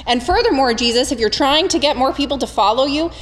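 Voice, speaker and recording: A woman's voice: high-pitched, fast talker, a bit bright, in a large hall, pitched above the performer's own voice. A woman voicing a casual male disciple who chattily talks his friend out of a dangerous trip, acted as a quote within a sermon. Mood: coaxing. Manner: chatty, persuasive, offhand.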